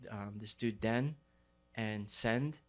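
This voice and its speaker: A man's voice: fairly low pitch, slow. A middle-aged man telling a story casually in loose street slang, full of "like" and "you know.". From New York City. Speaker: guest.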